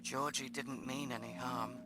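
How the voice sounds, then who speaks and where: An actor playing a haunted man on a recorded tape, speaking in a slow, hushed, grim way. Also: medium pitch, flat delivery, heavy background noise, natural voice. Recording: faint game audio, distant, loud music. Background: loud game music.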